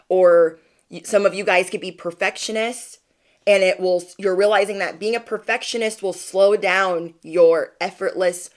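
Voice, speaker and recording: A woman doing a livestream tarot card reading. She talks straight to her viewers, playful and encouraging, and keeps checking in with them. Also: lowish voice. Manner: chatty, playful, keeps asking "okay?". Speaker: tarot reader.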